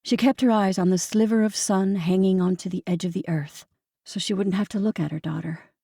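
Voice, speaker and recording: Gravelly woman narrating an audiobook. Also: medium pitch, steady tone, brisk, warm tone, dry recording. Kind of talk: scripted narration.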